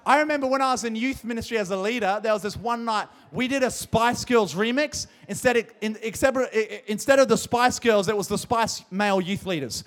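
A young Australian man, a youth pastor, hosting a youth service in a big hall, hyped and jokey, often shouting out to the crowd. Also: high voice. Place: large hall with live audience.

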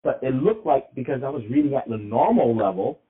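A man's voice: mid-range voice, animated, a little fast. Man rambling on a tinny line. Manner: rambling, restarts often. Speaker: podcast co-host. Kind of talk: casual podcast chat. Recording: tinny phone-like sound.

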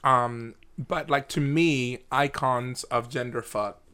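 A man's voice: medium pitch, slow pace, sharp tone, clear, resonant tone. A man, a drag performer, chatting casually and playfully on a podcast, wandering off topic.

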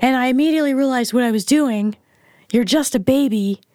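Speaking quickly in a high-pitched, slightly mellow voice, the host's mother is a middle-aged interview guest sharing a candid personal story. She is frank, blunt and plain-spoken. The sound is clean studio audio with no echo.

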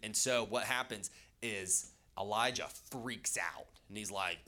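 A man's voice: on the low side, a little slow, pushed and bright. A young man preaching a casual youth sermon, chatty and loose, with jokey asides and lots of fillers. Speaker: youth pastor.

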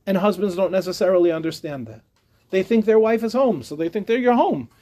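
A man's voice: high-pitched, fast, warm tone. A middle-aged man, a rabbi, teaching a humorous live class with chatty storytelling, jokes and restarts.

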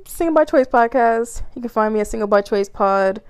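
A woman's voice: on the high side, smooth, no room sound. A woman hosting her own solo podcast, ranting casually with lots of swearing and frequent laughs. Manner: profane, animated, laughs often. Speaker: podcast host.

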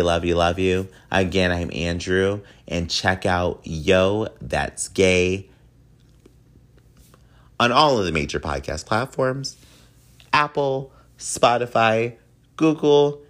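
A man's voice: sits low, fairly bright tone. A man hosting a podcast, talking in a casual, earnest way with a whiny, nasal voice. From United States. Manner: chatty, earnest, repeats himself. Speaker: podcast host.

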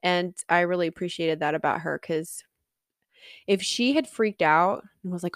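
A woman's voice: fairly low pitch, moderate pace, a bit bright, no room sound, studio quality. A woman casually recounting a personal story in an earnest, reflective way, laughing now and then. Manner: earnest, reflective, self-encouraging, laughs often.

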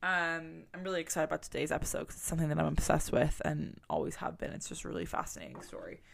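Chatty young woman with a gravelly low voice. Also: level tone, quick pace. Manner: chatty and rambling, many fillers, laughs at herself. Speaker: podcast host. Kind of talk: casual podcast chat.

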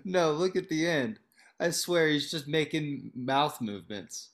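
A man's voice: a little high, animated, a little slow. A young man co-hosting a casual podcast chat, rambling with lots of fillers and laughing as he talks. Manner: rambling, laughs while talking, frequent fillers. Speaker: podcast co-host.

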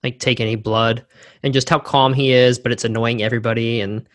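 A man's voice: medium pitch, little pitch movement, brisk, dry recording, clean studio sound. A man co-hosting a book podcast, talking casually and thoughtfully. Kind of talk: casual chat.

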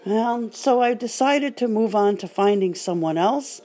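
Older woman podcast host, slow and wry, casual storytelling. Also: fairly high pitch, animated, mellow, soft background music. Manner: wry, dry humor.

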